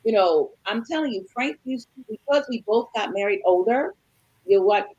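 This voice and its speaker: A woman in her sixties, a married panelist, telling a story with animated back-and-forth dialogue and calling her listeners y'all. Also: on the high side, moderate pace, slightly rough, lo-fi sound. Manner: animated, acts out both sides of conversations, addresses listeners as y'all. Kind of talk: storytelling chat.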